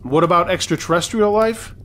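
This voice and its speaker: A man's voice: high-pitched, fairly quick, fairly bright tone, a little hiss or hum. A man reading submitted true scary stories aloud in a conversational way, with wry asides.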